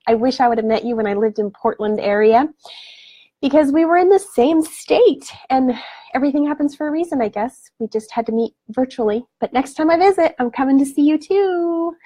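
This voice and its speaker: An effusive, affectionate woman coach chats with her live stream viewers in a somewhat high voice. The sound is close and dry, with no room echo at all. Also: normal speed, darkish tone. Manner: effusive and affectionate, blows kisses. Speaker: spiritual awakening coach. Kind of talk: live stream chat answering viewer comments.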